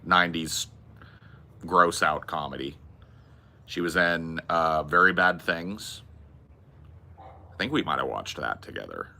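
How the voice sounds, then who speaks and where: Deep-voiced man with a bright, forceful tone. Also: expressive, slow, gravelly, long pauses, slight background noise. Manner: rambling, profane, blunt movie opinions. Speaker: podcast host. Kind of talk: casual chat.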